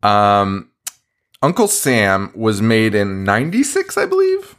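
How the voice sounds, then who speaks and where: A man co-hosting a horror movie podcast in casual chat, animated, laughing often and swearing freely. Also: lowish voice, slow. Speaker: podcast co-host.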